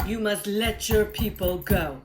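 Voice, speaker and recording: A woman's voice: medium pitch, a little slow, music in the background, natural voice. A woman voicing a commanding divine male voice from a burning bush in a children's story, firm and declaring. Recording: roomy echo.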